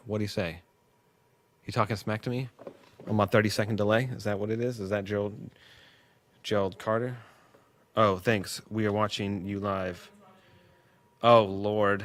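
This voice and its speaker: Rambling man with a low voice. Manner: rambling, joking, loses his train of thought. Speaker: livestream host. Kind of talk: rambling casual chat. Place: workplace.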